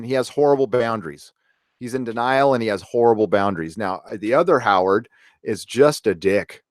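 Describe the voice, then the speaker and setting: A man hosting a casual live stream, reviewing an episode and reading out viewer comments in a rambling, relaxed way. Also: medium pitch, no echo, clean studio sound. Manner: rambling and relaxed, many fillers and restarts.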